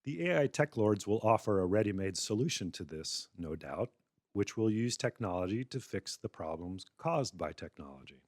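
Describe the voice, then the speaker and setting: A man's voice: fairly low pitch, sing-song, normal speed, a little mellow, dry recording, clean studio sound. A male lecturer giving a public talk, narrating a wry, satirical scenario. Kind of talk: public lecture, storytelling argument.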